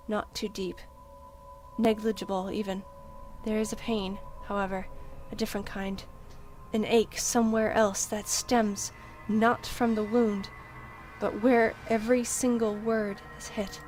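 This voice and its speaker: Woman reading a story game out loud, tense n dramatic, mid voice. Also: mid-range voice. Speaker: let's-play reader. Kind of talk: dramatic first-person game narration read aloud.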